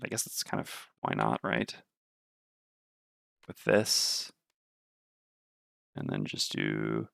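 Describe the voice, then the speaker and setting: A man's voice: medium pitch, vocal fry, pushed and bright, dry recording, clean studio sound. A man playing a tabletop board game on stream, thinking aloud and weighing his moves. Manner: muttering, weighing options aloud.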